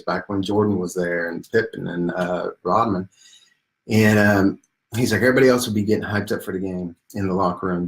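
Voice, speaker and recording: A man's voice: lowish voice, low-quality recording. A man giving a casual coaching talk, rambling with many fillers and telling stories from his mentors. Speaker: life coach.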